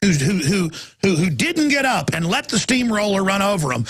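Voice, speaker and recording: A man, hosting a talk radio show with a ranting, repetitive delivery that swings between shouting and a low growl. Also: sing-song, normal speed, few pauses. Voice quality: gravelly. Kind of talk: impassioned talk radio monologue. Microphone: studio broadcast mic.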